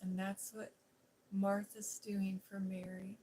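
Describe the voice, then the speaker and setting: A woman host reading a classic novel aloud in a gentle, soothing ASMR style, with whispered asides. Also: mid-range voice, little pitch movement, slow, slight background noise, low-quality recording. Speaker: storybook reader and ASMR host. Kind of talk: softly spoken ASMR story reading.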